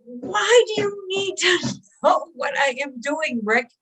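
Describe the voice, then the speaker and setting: A woman's voice: high-pitched, expressive, takes it slowly, a bit bright, rough recording. A woman co-hosting a casual group chat on a video call, easygoing and chatty. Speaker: podcast co-host.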